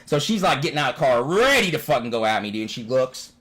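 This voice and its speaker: Young male vlogger, mid-pitch, swears constantly, animated swings in delivery, casual storyteller. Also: fast talker.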